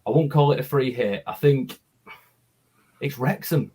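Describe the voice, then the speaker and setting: A man's voice: mid-range voice, unhurried, mellow, slightly rough. A man calling in to a football phone-in, speaking earnestly with frequent restarts. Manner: earnest, talks in repeated restarts. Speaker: caller. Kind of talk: phone-in chat.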